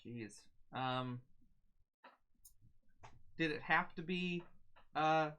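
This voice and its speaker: A man's voice: fairly high pitch, very slow, sharp tone, clean tone, highs cut off. A man playing in a tabletop game, talking hesitantly and joking with the table. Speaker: player. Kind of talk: casual tabletop chat.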